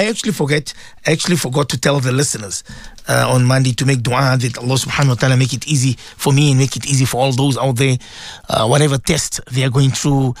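A man's voice: medium pitch, vocal fry, no echo. A man hosting a devotional radio talk, preaching fervently and repeating himself as he pleads with listeners. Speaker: religious radio host.

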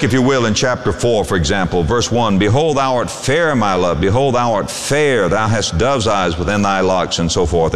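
A man preaching a sermon as pastor, reading scripture aloud in old English and swinging his voice up and down for emphasis. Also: on the low side. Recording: long hall reverb.

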